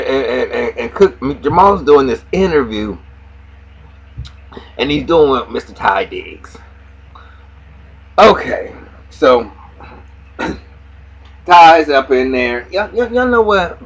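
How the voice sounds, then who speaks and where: Husky, profane man recapping TV. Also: fairly high pitch, takes it slowly, long pauses, muffled recording. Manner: animated, profane, laughing, acts out characters' lines. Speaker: TV recap reviewer.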